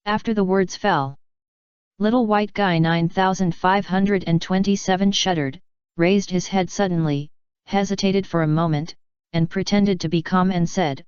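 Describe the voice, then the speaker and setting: A woman narrating a fan fiction audiobook in a steady, even reading. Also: on the low side, moderate pace, clear, resonant tone, no room sound, dull audio.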